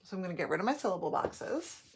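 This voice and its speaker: A woman teaching a phonics lesson, sounding out words slowly and clearly, syllable by syllable. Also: lowish voice, sing-song.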